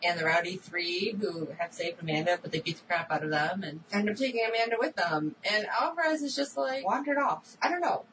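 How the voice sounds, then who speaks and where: A woman co-hosting a casual recap chat about a TV episode, animated and acting out characters' lines. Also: lowish voice, brisk, hardly any pauses. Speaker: podcast co-host. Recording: distant mic with audible background noise.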